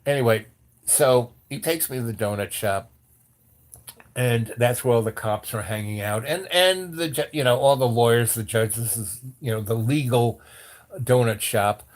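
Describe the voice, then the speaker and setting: A man's voice: mid-range voice, a little slow. An older man telling a rambling personal story in casual talk, with many restarts, acting out the voices of the people he quotes. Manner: animated, acts out quoted voices.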